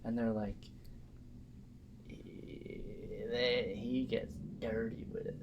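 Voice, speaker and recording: A man co-hosting a podcast livestream in casual, laughing, profane chat, who reads aloud in a flat dry voice. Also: lowish voice, extremely slow, dull audio, background noise. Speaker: podcast co-host.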